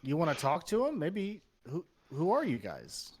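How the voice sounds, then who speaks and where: A man's voice: a little high, wildly swooping pitch, moderate pace, very noisy, voice pushed up. A man voicing an anxious, fussy bird-folk father in a tabletop game, scolding the adventurers. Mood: fretful.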